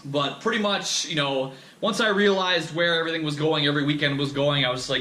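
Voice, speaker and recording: A man's voice: a little high, quick pace, few pauses, pushed and bright, a little hiss or hum. A young man hosting a podcast, telling a candid personal story in a rambling, profane way full of fillers and restarts. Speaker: podcast host. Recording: echoey room.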